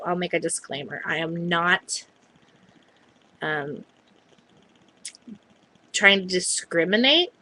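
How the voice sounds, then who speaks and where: A woman talks to her camera in a casual vlog, telling a story in a chatty, hedging way. Her voice is bright and clear. She often breaks off to quote what other people said. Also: medium pitch, rough recording. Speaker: vlogger.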